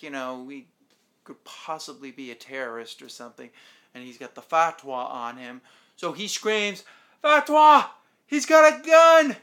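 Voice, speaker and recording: Bright-voiced man recapping a TV episode. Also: fairly high pitch. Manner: rambling retelling, acting out quoted lines. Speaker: TV show reviewer host.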